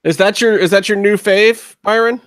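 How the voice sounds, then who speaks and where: A man's voice: sits high, moderate pace, a bit bright, dry recording, studio quality. A man co-hosting a wrestling podcast, laughing and teasing the others. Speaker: podcast co-host. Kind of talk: casual banter.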